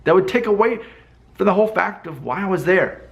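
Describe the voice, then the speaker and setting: A man's voice: high voice, animated, a little fast, gravelly. A man talking casually to camera in a vlog, thinking aloud with rhetorical questions and restarts. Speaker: vlogger. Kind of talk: casual talking-head commentary.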